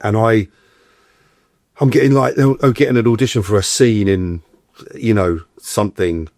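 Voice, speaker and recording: A man's voice: fairly low pitch, moderate pace, no echo, clean studio sound. A middle-aged man, an actor guest telling stories in a casual interview and acting out the voices he quotes. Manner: animated, acts out quoted voices.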